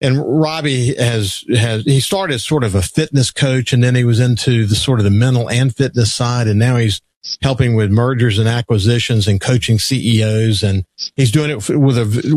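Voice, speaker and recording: A man's voice: mid-range voice, a little mellow, no room sound. A man hosting a casual interview, reacting with enthusiasm and asking follow-up questions. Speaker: host.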